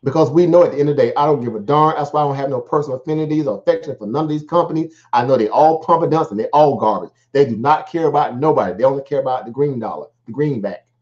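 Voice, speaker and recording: A man's voice: medium pitch, very fast, few pauses, darkish tone, highs cut off. A man hosting a live stock market stream, talking casually in a rambling, slangy way with lots of fillers and repeats.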